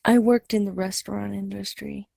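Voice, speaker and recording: A woman's voice: mid-range voice, fairly even intonation, moderate pace, creaky, dark tone, no echo, studio quality. A woman chatting casually as a stream guest, playful and ready to slip into a chirpy customer-service voice, over an online voice chat.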